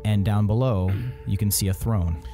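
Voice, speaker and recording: A man narrating as dungeon master of a tabletop game, describing scenes slowly, with filler words. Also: on the low side, warm tone, faint music behind.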